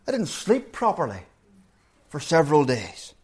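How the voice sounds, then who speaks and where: A man preaching a sermon in an earnest manner, his pitch rising and falling as he acts out the story. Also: a little slow, a little mellow. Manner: earnest, wide pitch swings when acting out voices.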